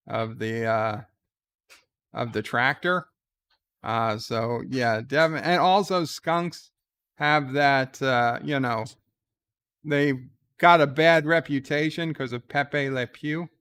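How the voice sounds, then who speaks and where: Slow, hesitant man with a smooth voice. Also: on the high side, fairly bright tone. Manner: hesitant, full of "uh" and restarts, joking. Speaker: livestream host answering viewer letters. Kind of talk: casual live-stream chat.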